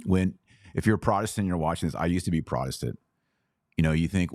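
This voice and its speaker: A man with a very low, deep voice hosts a podcast in a dry, close-sounding room. He talks in an earnest, personal way and leans hard on points he cares about. He sounds like a man in his forties. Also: expressive, fast, darkish tone, no room sound. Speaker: podcast host. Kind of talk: casual commentary podcast.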